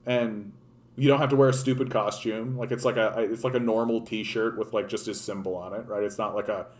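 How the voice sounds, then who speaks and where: Off the cuff and profane, a Canadian livestreamer rambles through casual political commentary, restarting often. His darkish voice is on the low side, fairly even in intonation, and a bit fast.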